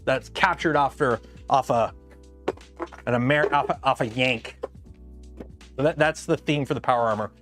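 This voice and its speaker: A man's voice: medium pitch, moderate pace, pauses often, fairly bright tone, soft background music. A young man chatting casually and rambling on tangents while he works on a build during a livestream. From Canada. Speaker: livestream host.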